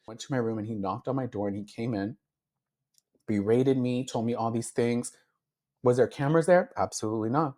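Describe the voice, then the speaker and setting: A man at mid pitch, talking openly and with feeling in a long interview answer. He fills his speech with "like" and acts out what he thought back then, always in his own voice. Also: a little fast, dark tone. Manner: heartfelt, filler-heavy, acts out his own past thoughts. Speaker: interview guest, beauty influencer. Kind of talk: candid emotional interview.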